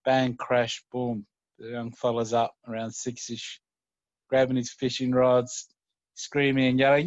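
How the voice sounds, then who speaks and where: A man's voice: medium pitch, completely flat delivery, no echo. Aussie guy telling a story, easygoing and chatty, dry muffled sound. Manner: conversational, unhurried, with fillers. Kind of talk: oral storytelling.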